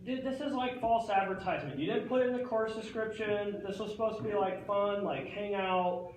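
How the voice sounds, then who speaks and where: A young man delivers a comic monologue on stage, his talk loose and rambling and packed with "like" and "dude". His voice sits a little high for a man. It carries from a distance through a strongly echoing hall with a faint hiss of noise underneath. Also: fairly even intonation, brisk. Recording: echoey hall picked up from far off.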